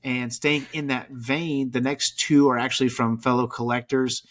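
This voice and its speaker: A man hosting a podcast, talking in a relaxed, rambling way with lots of fillers. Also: mid-range voice, moderate pace. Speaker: podcast host. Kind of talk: casual chat.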